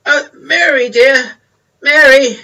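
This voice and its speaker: A man's voice: very high voice, takes it slowly, sharp tone, far from the mic, voice pushed up, full character voice. A man voicing a frail, fussy old man who stammers and calls out, feeling the cold. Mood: fretful. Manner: quavering, stammering and calling out.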